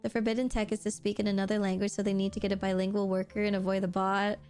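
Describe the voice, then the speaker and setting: A woman streaming while she plays a game, telling stories in a giggly, animated way, laughing often and swearing casually. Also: mid-range voice, fast talker. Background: faint background music.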